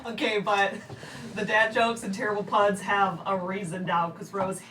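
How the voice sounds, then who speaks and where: A woman's voice: mid-range voice, level tone, moderate pace, a bit bright. A woman player chatting playfully before a tabletop game, joking and teasing. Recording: roomy, distant mic, faint background noise.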